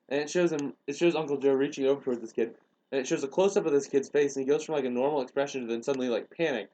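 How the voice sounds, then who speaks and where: A man's voice: mid-range voice, fast, a little mellow. A young man on a podcast, casually retelling a story and acting out the quoted lines. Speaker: podcast host.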